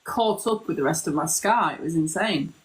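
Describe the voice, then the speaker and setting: A woman's voice: sits low, normal speed, low-quality recording. Friendly young woman, frank chat. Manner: friendly, laughs easily, frank. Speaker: guest, former patient. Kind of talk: casual chat.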